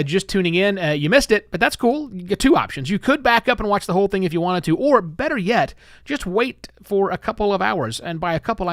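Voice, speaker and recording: A man hosts his solo podcast live, talking lively and loose, with self-deprecating asides. His voice sits a bit high for a man and comes through a close, dry mic with no room sound. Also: no echo. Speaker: podcast host.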